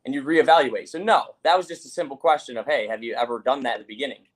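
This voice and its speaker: A man talking quickly in a casual podcast conversation. He coaches and questions, dropping curse words as he goes, at an ordinary middle pitch. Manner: rapid, coaching, asks pointed questions, swears freely. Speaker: mental health coach, host.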